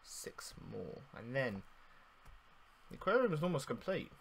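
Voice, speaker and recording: A young man commentating on his own gameplay, exasperated and swearing, swinging between loud outbursts and mock mourning. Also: medium pitch, big pitch swings, unhurried, gravelly, slight background noise. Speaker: gaming YouTuber. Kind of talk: casual game commentary.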